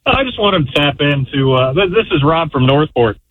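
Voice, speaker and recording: Male caller with a joke, fairly high voice, phone line. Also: sing-song, normal speed. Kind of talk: phone-in chat.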